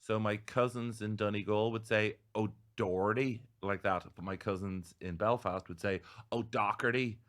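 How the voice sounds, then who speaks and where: An Irish man with a very low voice chats on a podcast. He tells stories with animated bursts of energy. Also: normal speed, few pauses. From Ireland. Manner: animated storytelling with laughs. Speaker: comedian guest. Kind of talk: casual podcast chat.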